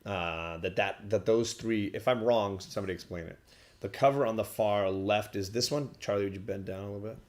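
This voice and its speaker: A man's voice: lowish voice, brisk. An English man hosting a casual comic book review stream, chatty and given to joking and teasing. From England. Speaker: host of a comics review livestream. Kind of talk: casual chat.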